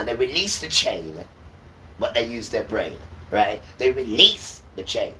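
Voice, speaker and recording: A man's voice: medium pitch, a bit bright, distant mic, a little hiss or hum, low-quality recording. A man preaching and ranting to viewers on a livestream, often checking in with "right?".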